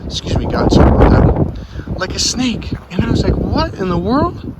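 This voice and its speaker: A man giving an animated, rambling outdoor monologue, swearing and correcting himself as he goes, on a handheld mic. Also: high-pitched, moderate pace. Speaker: self-help vlogger. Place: outdoors by the water on a windy day. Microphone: handheld microphone, cupped at times. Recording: loud wind buffeting the microphone. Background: heavy wind noise.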